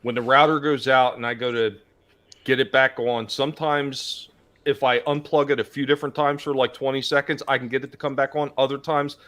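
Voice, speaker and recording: A man's voice: medium pitch, steady tone, brisk, a bit bright. A man hosting a casual livestream chat, blunt and joking, turning emphatic when he complains.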